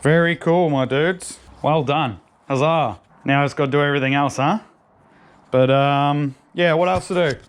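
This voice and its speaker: Excitable guy in a garage. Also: a little high, moderate pace, clean tone. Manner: excitable, slangy, talks to his dog. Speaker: car restoration vlogger. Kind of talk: casual garage vlog. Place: garage workshop.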